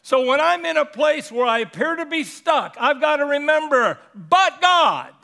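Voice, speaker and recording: Animated high-voiced man preaching. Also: normal speed, gravelly. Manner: animated, asks the congregation rhetorical questions. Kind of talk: sermon.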